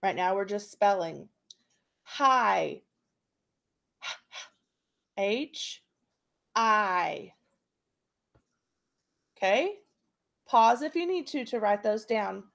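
A woman's voice: medium pitch, lively intonation, creaky. A woman teaching a phonics and spelling lesson to young students, patient and checking in often. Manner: slow, patient, checks in with frequent "okay?".

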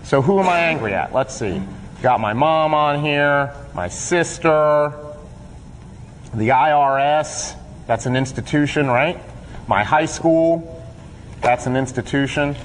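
A man's voice: a little high, takes it slowly, slight background noise. A man leading a workshop, talking a group through written steps in a plain-spoken way. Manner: plain-spoken, role-plays his own grudges. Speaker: workshop leader. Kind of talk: instructional talk to a group. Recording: long hall reverb.

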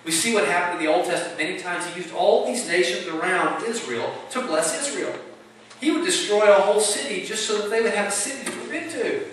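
A man's voice: high-pitched, animated, fairly quick, fairly bright tone, a little hiss or hum. A man preaching a sermon in an emphatic, conversational way, asking rhetorical questions. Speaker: pastor. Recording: echoey hall, mic at a distance.

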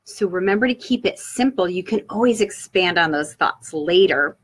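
Husky-voiced woman giving upbeat speaking tips. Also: on the low side, expressive, normal speed. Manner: upbeat, coaching, talks straight to viewers. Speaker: public speaking guest expert. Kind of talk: live online tips session.

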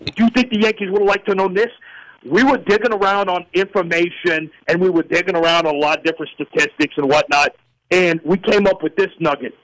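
A radio host playing a ranting, crude Yankees fan caller in a comedy sports radio bit. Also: male voice, sits high, steady tone, fairly quick, a bit bright, low-quality recording. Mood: scheming. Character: furious loudmouth male New York Yankees fan caller.

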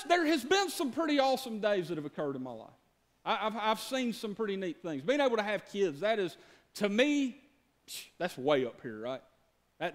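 A pastor in his thirties delivers a sermon with a notably high-pitched voice for a man. He talks folksily and with humor, doubling words as he goes. His delivery is that of a plain-spoken preacher chatting with his flock. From Georgia, USA. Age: 30s. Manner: folksy, joking, stammers and repeats words.

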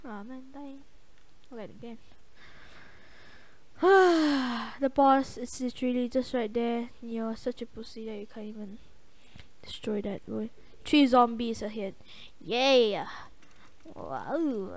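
A young woman hosting a gaming channel, giving casual, excitable gameplay commentary with a voice going hoarse. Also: fairly high pitch, slow, long pauses. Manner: excitable, yelps and trash-talks the game.

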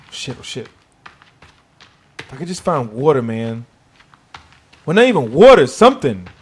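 A man's voice: mid-range voice, slight background noise. A man giving let's-play commentary on a survival game, jumpy and swearing, talking to himself as he goes. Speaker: gaming YouTuber.

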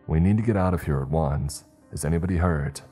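A man voicing an earnest, slightly dim scout leader who shouts orders and pleads. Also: a bass voice, a little fast, husky, faint music behind. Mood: urgent. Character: earnest, slow-witted adult scout leader.

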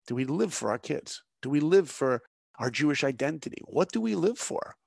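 A man's voice: fairly high pitch, sing-song, moderate pace, vocal fry, breathy edge, no echo, clean studio sound. A middle-aged man, a guest on a conversation show, telling a story in an earnest, preacher-like way and asking his listeners rhetorical questions. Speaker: guest, animation director.

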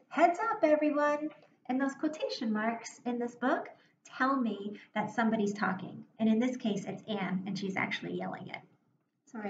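A woman teaching a recorded reading lesson for young children, speaking slowly and clearly, encouraging them and pausing for their answers. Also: on the high side. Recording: echoey room, dull sound, faint hiss.

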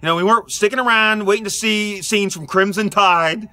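A middle-aged man with a Pittsburgh accent, doing a rambling, gruff comic monologue aimed at his neighbors. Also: high-pitched, brisk, pushed and bright, dry recording, studio quality. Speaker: comedic sitcom dad character.

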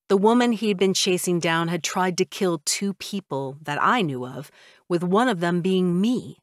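Low, dry-voiced woman narrating an audiobook. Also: expressive, unhurried, dry recording. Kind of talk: scripted first-person narration.

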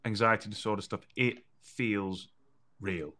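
A podcast co-host with a fairly low, bright, forceful voice speaks at a measured pace in a casual conversational chat, talking earnestly and repeating phrases for emphasis.

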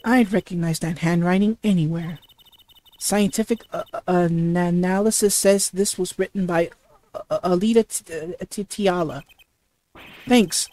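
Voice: medium pitch, moderate pace, a little mellow, natural voice. A reader voicing a dry, sarcastic young female detective in a game, with stammers.

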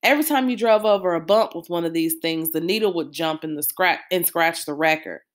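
A woman voicing a playful father who hams up a grand salesman pitch. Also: fairly quick, natural voice. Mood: mock salesman. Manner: mock salesman patter, grandiose.

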